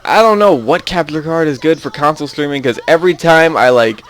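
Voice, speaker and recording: A man's voice: a little high, brisk. A young man chatting casually over his gameplay, rambling and easily losing his train of thought. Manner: rambling, easily sidetracked, chuckling often. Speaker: gaming YouTuber.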